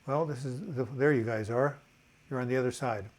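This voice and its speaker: A man's voice: medium pitch, fairly even intonation, a little fast. Older guy reading viewer comments on a live stream, lots of ums, loose and rambly, laptop mic. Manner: chatty, warm-hearted, loose and rambling with many fillers. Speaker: host of a live video chat.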